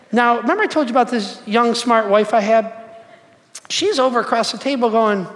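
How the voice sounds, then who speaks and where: A man's voice: high voice, fairly quick, a bit bright, in a large hall. A man in his forties preaching a sermon, casual and conversational, telling stories and asking the crowd questions. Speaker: pastor.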